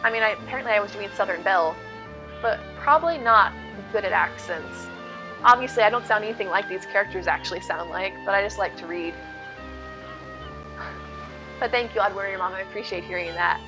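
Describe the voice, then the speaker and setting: A woman's voice: medium pitch, a little fast, dull audio, music in the background. An adult woman streaming a game, chatting casually and answering viewers. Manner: chatty, reads chat aloud, lively. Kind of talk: casual chat while gaming.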